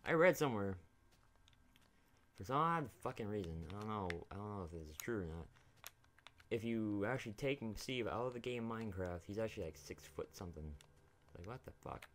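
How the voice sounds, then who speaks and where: A man's voice: fairly low pitch, expressive, brisk. A young man giving casual, rambling commentary while playing a video game, swearing freely and talking to the characters on screen. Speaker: gaming YouTuber.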